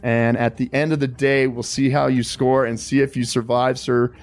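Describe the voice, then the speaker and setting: Man, host, middle pitch, polite, sir-heavy, dramatic scenario telling. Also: little pitch movement, moderate pace. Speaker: podcast host. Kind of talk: interview with a survival game.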